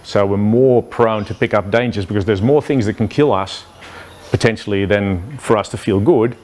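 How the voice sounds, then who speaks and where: Low-voiced man giving a casual talk. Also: a little mellow. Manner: conversational, peppered with "yeah" and "you know". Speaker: speaker explaining brain biology. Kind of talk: informal lecture at an event.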